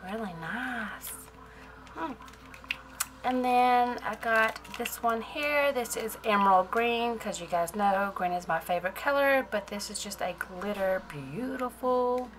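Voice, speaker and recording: A woman chatting casually in a haul vlog, gushing and excitable and repeating her exclamations. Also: on the high side, measured pace, music in the background. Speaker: nail art vlogger.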